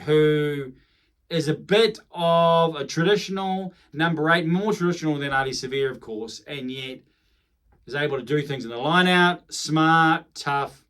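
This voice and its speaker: A man with a New Zealand accent talks through a rugby preview in a casual, rambling way. His voice sits a little high. He corrects himself as he goes and drifts into chatty asides. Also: fairly bright tone. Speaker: rugby commentator.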